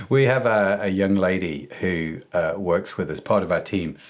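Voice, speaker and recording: A man hosting a podcast interview, upbeat and playful, often chiming in with a cheerful aside. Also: low voice. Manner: upbeat, playful, repeats "oh, yes". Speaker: podcast host. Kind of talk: casual interview chat.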